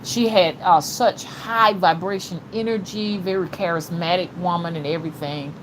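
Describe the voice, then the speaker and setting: A woman's voice: fairly low pitch, steady tone, moderate pace, background noise. A middle-aged woman with an older-generation Alabama Southern accent, chatting casually with her livestream viewers in a folksy, repetitive way. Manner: chatty, folksy, repeats "you know what I'm saying". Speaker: spiritual rootworker host. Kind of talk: casual livestream chat reading viewer comments.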